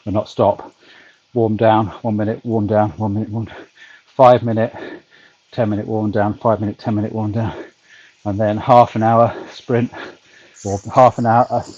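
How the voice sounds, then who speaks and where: A man's voice: on the low side, little pitch movement, normal speed, pauses often, darkish tone, no room sound, muffled recording. A British man chatting casually to his stream while cycling at home on an indoor trainer, rambling with lots of ums and dry humour. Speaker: vlogger cycling on a turbo trainer. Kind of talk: casual chat to a livestream. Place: home, back garden.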